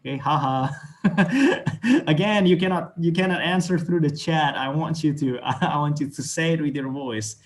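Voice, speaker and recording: A man's voice: on the high side, expressive, moderate pace. An Indonesian man with an Indonesian accent teaching an English class over a video call, encouraging and chuckling often as he explains.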